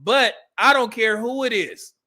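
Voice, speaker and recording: A man's voice: very high voice, measured pace, bright, forceful tone. A middle-aged man from California, hosting a casual commentary stream and giving blunt, profane advice. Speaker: host.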